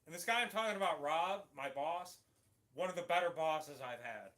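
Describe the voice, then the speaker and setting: A man's voice: on the high side, animated, normal speed, fairly bright tone. A middle-aged man from Syracuse, New York, rambling through a casual livestream chat with many restarts. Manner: rambling, chatty, frequent restarts. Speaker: livestream host.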